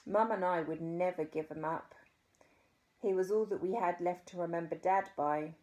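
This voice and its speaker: New Zealand woman, low-pitched reader, expressive children's storyteller. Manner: expressive, dramatic pauses. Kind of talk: reading a children's book aloud.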